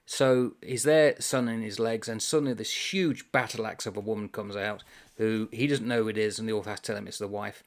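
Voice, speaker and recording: A man's voice: on the low side, vocal fry. Rambling man discussing a comic novel. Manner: rambling, amused, reflective. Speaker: book channel host. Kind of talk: casual book discussion with read-aloud passages.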